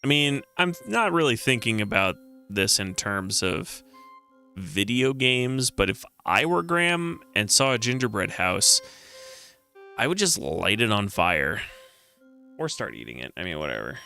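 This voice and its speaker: A man's voice: fairly low pitch, very animated, measured pace, creaky, pushed and bright, soft background music. A man streaming a retro video game, chatting casually, joking, and reading the on-screen text aloud. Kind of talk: casual let's-play commentary.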